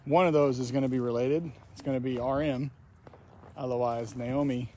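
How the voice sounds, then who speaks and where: Strolling through a cemetery outdoors, a man narrating his paranormal vlog keeps a soft-spoken, reverent manner and reads names out loud. He talks at a moderate pace with a medium pitch and steady tone, and faint outdoor sounds can be heard.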